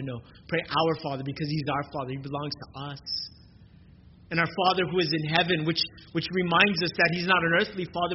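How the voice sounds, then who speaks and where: Earnest preacher, lo-fi recording. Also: male voice, high-pitched. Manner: earnest preaching, swings between soft and emphatic. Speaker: pastor. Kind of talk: sermon. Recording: dull lo-fi recording with noise.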